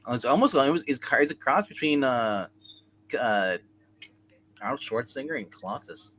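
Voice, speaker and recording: A man giving his opinion on a casual panel, halting and repeating words as he thinks. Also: medium pitch, animated, a bit bright, a little hiss or hum. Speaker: panel guest.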